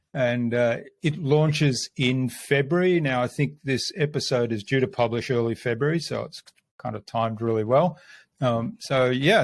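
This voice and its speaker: A man's voice: medium pitch, no room sound. A man hosting an interview podcast, friendly and enthusiastic as he introduces and questions his guest. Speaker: podcast host.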